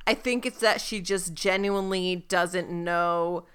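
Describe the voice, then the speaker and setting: A woman's voice: fairly low pitch, fairly even intonation, measured pace, fairly bright tone, clean tone. A woman co-hosting a casual book club chat, retelling scenes animatedly with wry jokes. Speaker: podcast co-host.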